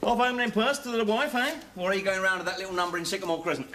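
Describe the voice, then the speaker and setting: Sitcom, 1970s: wisecracking middle-aged ex-lag, higher-pitched, teasing. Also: male voice, fairly even intonation, very fast, bright, forceful tone. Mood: wry, bantering. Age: 40s. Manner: sardonic, teasing banter. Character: wry wisecracking middle-aged ex-con father. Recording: noisy 1970s TV soundtrack.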